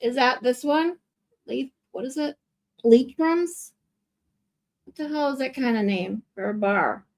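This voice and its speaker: High-voiced woman reacting, baffled and exasperated. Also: unhurried, pauses often. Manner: bewildered, exasperated, swearing asides. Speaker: livestream host. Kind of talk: casual reaction commentary.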